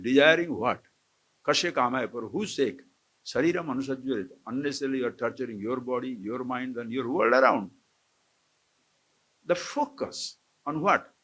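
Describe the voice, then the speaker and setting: With a husky, mid-range, slightly bright voice, a swami from India teaches scripture live to campers in an ashram lecture hall. He keeps asking his listeners questions and often chuckles.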